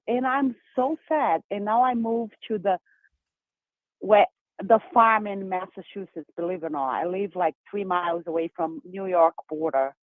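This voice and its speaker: A woman from Brazil with a Brazilian accent, calling in to a show and talking fast and emphatically. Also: mid-range voice, no echo. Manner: fast, excited, emphatic talker. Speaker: caller. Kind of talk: call-in phone chat. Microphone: telephone. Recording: tinny dry phone line.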